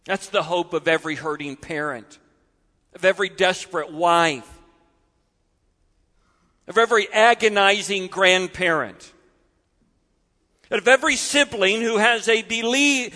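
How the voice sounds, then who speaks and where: A man preaching a sermon, expressive and animated. He acts out voices and sometimes drops suddenly quiet. His voice is high-pitched and ringing bright, carried by the long reverb of a big hall. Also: measured pace, pauses often.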